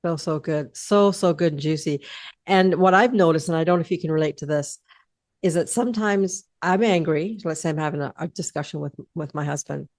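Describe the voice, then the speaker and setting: A woman's voice: sits low, a little fast, a little mellow, dry recording. A woman hosting a podcast interview, talking in a candid, blunt and playful way into a close mic. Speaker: podcast host. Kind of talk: casual interview chat.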